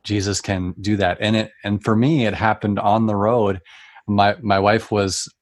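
A man with a lowish voice tells his faith story in an earnest, emotional way, stumbling and restarting. The sound is dry and close. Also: little pitch movement, a little slow, dry recording. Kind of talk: Christian testimony in conversation.

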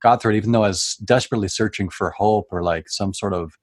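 A man sharing a personal faith testimony in conversation, earnest and emotional, often halting and restarting as he speaks. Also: on the low side, dry recording, studio quality.

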